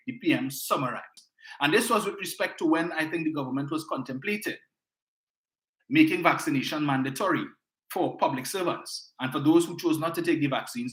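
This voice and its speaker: Man, Trinidadian accent, call-in host, indignant political commentary, slightly high voice, echoey room. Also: fairly bright tone. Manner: indignant, emphatic, repeats words.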